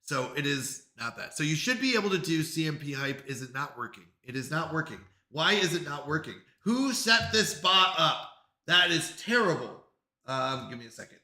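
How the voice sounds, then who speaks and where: A man's voice: fairly high pitch, lively intonation, brisk, bright, forceful tone, roomy sound. A man live-streaming in casual chat, flustered and apologetic as he talks himself through technical trouble.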